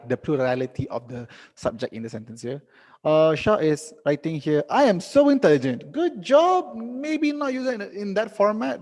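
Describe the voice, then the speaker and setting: A young man teaching a live online English lesson, reading out students' sentences and correcting them gently. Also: on the high side, long reverb tail.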